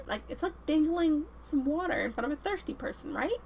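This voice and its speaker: A woman vlogger giving casual, animated, slangy film commentary. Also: high voice, a little fast, a little hiss or hum, rough recording.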